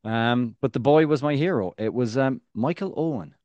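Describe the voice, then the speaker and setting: A man's voice: mid-range voice, normal speed, darkish tone, no echo, dull audio. Guy cohosting a soccer pod, rambly and jokey, dry close mic. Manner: joking, rambling with restarts. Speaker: podcast co-host. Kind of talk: casual podcast chat.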